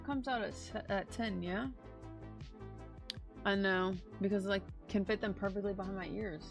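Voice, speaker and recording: A woman streamer chatting casually to her viewers, gushing and excitable. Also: mid-range voice, normal speed, gravelly, music in the background. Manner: gushing and excitable, talks to chat. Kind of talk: casual live-stream chat.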